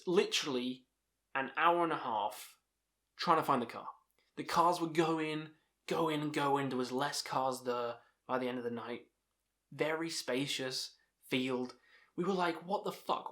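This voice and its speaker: A man's voice: fairly high pitch, a bit bright. A young man telling rambling, sweary stories about festivals and laughing at himself. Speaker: channel host telling stories. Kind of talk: casual storytelling monologue.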